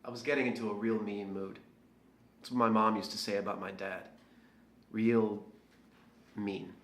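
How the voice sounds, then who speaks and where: Man playing a sullen, low-voiced young man. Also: level tone, normal speed, fairly bright tone, close to an everyday voice. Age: young adult. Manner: sullen, defensive confession. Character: bitter young man, jealous and drinking. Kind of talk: dramatic monologue for audio drama.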